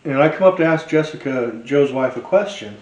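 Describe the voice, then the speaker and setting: A man's voice: mid-range voice, lively intonation, brisk, reverberant, low-quality recording. A man hosting a cooking show, telling a rambling, profane story and laughing as he cooks. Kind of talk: casual storytelling while cooking.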